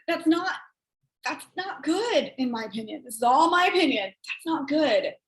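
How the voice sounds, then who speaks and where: A woman and sales team leader giving casual coaching talk, chatty and rambling, acting out quoted texts in a higher voice. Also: animated, brisk, roomy sound, poor audio.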